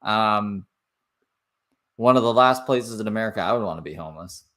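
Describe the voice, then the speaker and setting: A man's voice: lowish voice, normal speed, fairly bright tone. A man from Canada giving casual reaction commentary, swearing and laughing between remarks. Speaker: reaction streamer.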